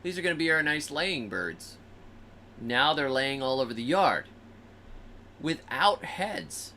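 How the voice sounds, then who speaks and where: A man's voice: a little high, measured pace, a little hiss or hum. A man hosting a show, telling stories casually and animatedly, acting out the animals and people in them. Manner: animated, acts out animals and people in funny voices. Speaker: host. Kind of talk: casual storytelling.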